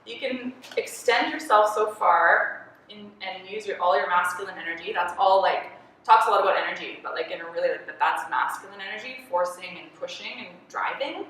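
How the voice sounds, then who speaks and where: Canadian woman guest, animated, chatty, bright tone; distant mic, big echo. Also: medium pitch, a little fast. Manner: animated storyteller, laughs often, lots of fillers. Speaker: artist and designer guest. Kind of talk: candid conversational interview. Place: event space. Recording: echoey room, distant mic, faint noise.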